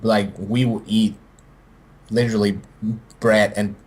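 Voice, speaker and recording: A man's voice: fairly low pitch, takes it slowly, breathy edge. A young man from Peru telling stories in casual chat, acting out dialogue and swearing a lot. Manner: animated storyteller, swears a lot, acts out dialogue. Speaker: podcast guest. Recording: faint background noise.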